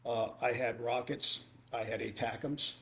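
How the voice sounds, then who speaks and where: A middle-aged man tells war stories as a podcast guest, in the clipped style of a retired Marine officer. He acts out the back-and-forth of each exchange, and his voice sits at an ordinary pitch for a man. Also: measured pace. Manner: animated war storyteller, acts out dialogue. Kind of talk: storytelling interview.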